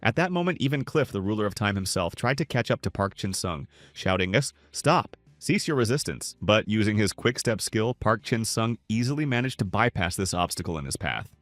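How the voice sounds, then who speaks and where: A man narrates a comic story recap in a low voice. His pitch is animated and his delivery steady and dramatic. The sound is dry, with faint music underneath. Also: brisk, few pauses, no room sound.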